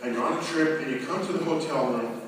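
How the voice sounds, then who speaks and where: A man giving a playful public science talk to a live audience, animated and teasing the crowd. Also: mid-range voice, quick pace. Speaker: lecturer. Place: large hall. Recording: echoey hall from far off, noisy.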